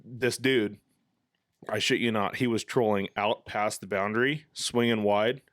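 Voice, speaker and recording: A young man hosts a relaxed fishing podcast, his fairly low voice recorded dry and close. He tells stories candidly, swears freely and laughs often. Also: unhurried, no echo. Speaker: podcast host. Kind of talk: casual fishing podcast chat.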